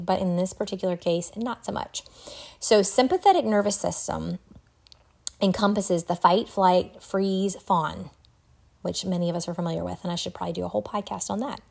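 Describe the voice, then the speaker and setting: A middle-aged woman hosting a solo podcast, talking in an earnest, reflective way with an occasional soft laugh. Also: mid-range voice, creaky. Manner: earnest, reflective, laughs softly now and then. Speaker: podcast host. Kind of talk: solo podcast talk on wellbeing.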